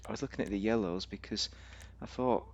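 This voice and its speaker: A man's voice: fairly low pitch, fairly quick, a little mellow, dull audio. A man giving rambling, casual commentary on a game, thinking aloud with fillers and restarts. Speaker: game reviewer.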